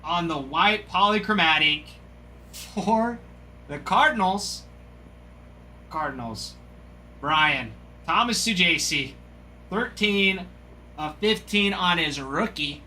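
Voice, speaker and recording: Gushing, bright-voiced man opening cards. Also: sits high, takes it slowly, long pauses, slight background noise. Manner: excited, gushing exclamations over each card. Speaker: trading card break host. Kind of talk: live card-opening commentary.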